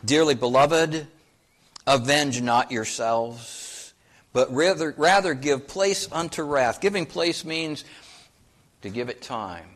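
A man's voice: mid-range voice, fairly bright tone. Man preaching with rhetorical questions. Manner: emphatic, with many rhetorical questions; quotes scripture in old-fashioned wording. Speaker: pastor. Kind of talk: sermon.

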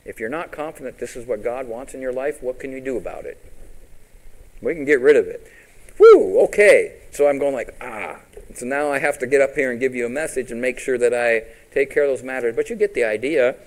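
A man's voice: mid-range voice, fairly quick, poor audio. A man preaching a sermon as pastor, quoting scripture and asking his congregation questions, with big rises and drops for emphasis.

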